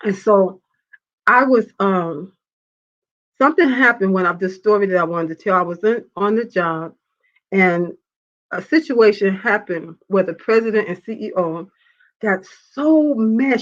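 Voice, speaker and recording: Animated woman storyteller, lo-fi sound. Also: mid-range voice, a little slow. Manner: animated storyteller, laughs often, acts out quotes. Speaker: show host. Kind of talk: live-stream faith talk, reading viewer comments. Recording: dull lo-fi sound.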